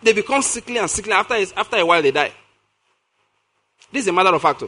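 This is a male preacher reading scripture slowly and unpacking its meaning, his voice high, bright, and ringing. Expressive and emphatic, he repeats the important words for weight. He keeps checking in with listeners through questions.

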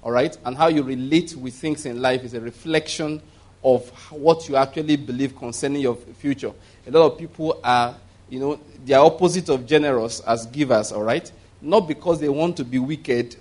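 A man's voice: medium pitch, normal speed, darkish tone. A man preaching a sermon, often checking whether the congregation is following him and leading them in repeating his words. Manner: asks the congregation if they hear him, leads call-and-response with laughs. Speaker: pastor.

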